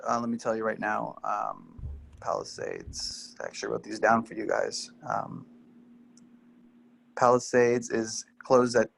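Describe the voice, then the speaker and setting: A man representing a business, explaining store plans in a halting way at a neighborhood council meeting held on a video call. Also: mid-range voice, vocal fry.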